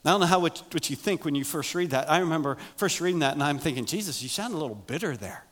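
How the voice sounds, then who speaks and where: A middle-aged man preaching a sermon, emphatic, moving between loud raised passages and quiet low asides. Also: expressive, fast, few pauses. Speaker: pastor.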